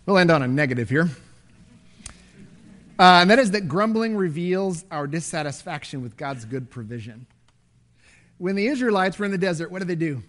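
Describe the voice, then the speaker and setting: High-voiced animated male preacher. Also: moderate pace, pauses often. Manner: animated, swinging between loud and hushed. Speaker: pastor. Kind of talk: sermon.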